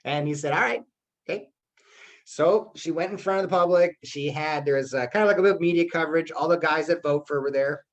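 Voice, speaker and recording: A man with a fairly bright voice on the high side teaches public speaking online over a video call. He keeps things upbeat and acts out the voices in his examples.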